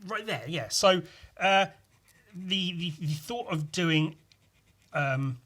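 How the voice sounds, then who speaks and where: A man's voice: on the high side, animated, slow, fairly bright tone. Young man rambling on his podcast. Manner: meandering, full of fillers and swearing. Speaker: podcast host. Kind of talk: rambling solo podcast monologue.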